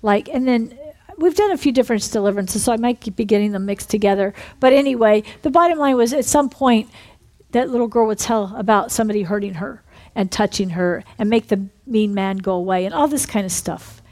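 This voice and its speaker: A woman minister telling a story in a sermon, animated, breaking into shouted re-enactments. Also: medium pitch, fairly quick. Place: church building.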